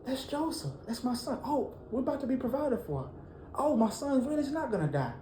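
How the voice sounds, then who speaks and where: A man's voice: very high voice, animated, a little fast, dark tone, reverberant, slight background noise, voice pushed up. A man voicing the aging father Jacob in a Bible lesson, exclaiming in breathless amazement. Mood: awed relief.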